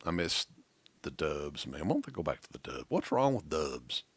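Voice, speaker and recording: Deep-voiced man chatting loosely, dry mic. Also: big pitch swings, moderate pace, slightly rough, no room sound. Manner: loose, rambling, swears casually. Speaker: co-host of a horror movie livestream. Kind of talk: casual chat.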